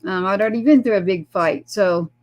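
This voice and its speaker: A woman's voice: mid-range voice, a little fast, a little mellow, a little hiss or hum. A middle-aged woman, telling a rambling, earnest personal story as a guest and acting out the people she quotes. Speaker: guest, military mother.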